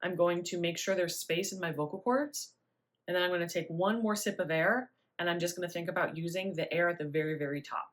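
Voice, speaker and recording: A young adult woman voice teacher explaining breathing in a relaxed, chatty way with little laughs. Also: lowish voice, a little fast. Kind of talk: spoken singing lesson.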